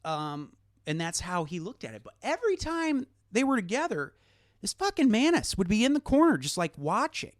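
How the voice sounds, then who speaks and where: A man co-hosting a podcast, telling a story in a casual, animated way with lots of fillers and swearing. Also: high-pitched, moderate pace, no room sound, studio quality. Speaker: podcast co-host. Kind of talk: casual chat.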